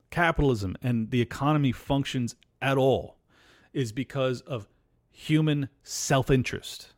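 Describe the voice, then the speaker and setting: A man hosting a political commentary show, ranting in a sarcastic, mocking way and swearing freely. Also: medium pitch. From United States. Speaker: podcast host.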